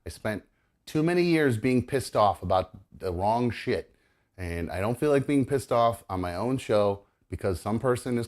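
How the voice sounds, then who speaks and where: A man's voice: deep voice, darkish tone. A man hosting his own talk show, ranting angrily with heavy swearing and lots of rambling fillers. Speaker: podcast host. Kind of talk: casual solo talk show.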